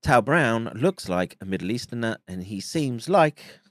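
A man delivering a monologue commentary, halting and restarting with frequent fillers. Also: medium pitch, lively intonation, fairly bright tone, dry recording, clean studio sound.

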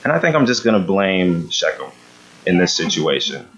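A man's voice: low-pitched, sing-song, moderate pace, a bit bright. A man giving a conversational sermon, often checking in with the room by asking "right?". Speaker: preacher. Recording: dull lo-fi sound.

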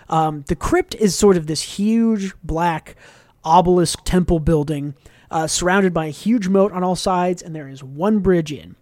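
A man with a fairly high voice chats casually on a podcast, recapping a comic with plenty of fillers and acted-out quotes. The recording is close and dry, with no room sound. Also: darkish tone, dry recording. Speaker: podcast co-host. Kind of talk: casual book club discussion.

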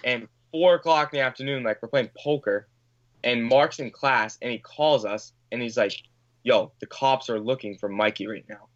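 A man's voice: mid-range voice, normal speed, highs cut off. A man telling a long anecdote in casual podcast chat, rambling with many fillers, swearing and acting out what people said. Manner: rambling, filler-heavy, swears, acts out quotes. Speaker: podcast guest. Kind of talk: casual storytelling.

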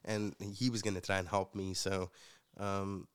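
A man's voice: sits low, flat delivery, unhurried, clean tone. A man from Africa, telling his life story in a casual interview in an earnest, reflective way. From South Africa. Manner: earnest, reflective, with many fillers. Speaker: guest and future co-host.

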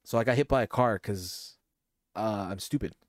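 A man's voice: lowish voice, moderate pace, no room sound, clean studio sound. Young man telling a rambling story. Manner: rambling, animated, acts out quotes. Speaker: podcast co-host. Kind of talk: casual storytelling among friends.

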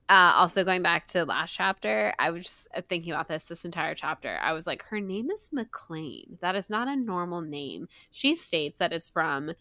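A young woman co-hosting a podcast, chatting about a novel with animated, playful asides and mock dialogue. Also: lowish voice, no room sound. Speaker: podcast co-host. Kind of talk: casual book-club chat.

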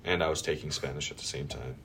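A man's voice: rumbling low, steady tone, fast talker, fairly bright tone, slight background noise. A young man hosting a podcast, chatting casually, joking and swearing a lot. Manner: swears freely, jokey. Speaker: podcast host. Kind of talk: casual chat.

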